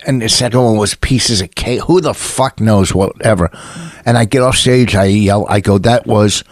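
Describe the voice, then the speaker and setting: A man's voice: on the low side, normal speed, dry recording, clean studio sound. Profane ranting comedian, man. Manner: profane, ranting, heated storytelling. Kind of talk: casual podcast chat.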